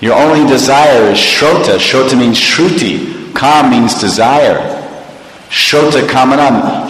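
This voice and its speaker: A man's voice: medium pitch, lightly acted. A man voicing a boastful centuries-old male Himalayan guru, in a pompous, theatrical, mock-solemn way. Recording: echoey hall reverb.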